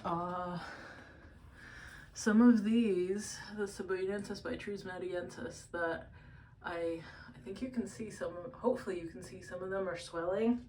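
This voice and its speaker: Woman vlogger, weary and a bit breathless, lowish voice, rambling chat, faint hiss in the background. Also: fairly even intonation, unhurried, poor audio. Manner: soft, meandering, many fillers. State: tired, out of breath. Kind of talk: casual plant-care vlog. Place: home among houseplants, indoors.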